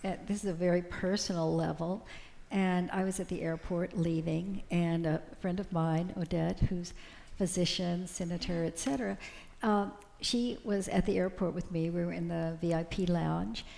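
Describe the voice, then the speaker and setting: Older woman with a gravelly low voice. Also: fairly even intonation, warm tone. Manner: halting, repeats words when moved. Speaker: panelist. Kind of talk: personal storytelling on a panel.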